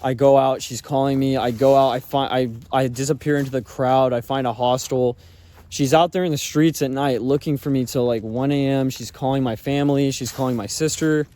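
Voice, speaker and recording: A man's voice: mid-range voice, steady tone, a little fast, mellow. A man telling a personal story in a casual, rambling way, full of fillers and swearing. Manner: rambling, filler-heavy talk with frequent swearing.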